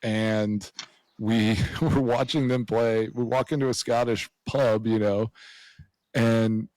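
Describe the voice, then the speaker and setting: A man's voice: lowish voice, fairly even intonation, slow, darkish tone, no echo, rough recording. A man in his thirties co-hosting a podcast, telling stories in a laid-back way and chuckling often. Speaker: podcast co-host. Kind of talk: casual interview chat.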